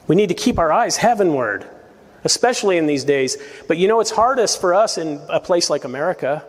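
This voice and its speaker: A man's voice: sits high, long reverb tail. A man preaching a verse-by-verse sermon as pastor, earnest and emphatic, with rising appeals to his listeners. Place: church sanctuary.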